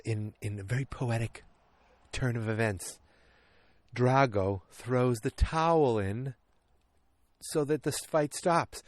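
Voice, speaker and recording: A man in his early forties recapping a movie in casual podcast chat, animated and rambling, with lots of restarts and sound effects. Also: on the low side, no echo, studio quality. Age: 40s. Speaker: podcast host. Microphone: podcast microphone.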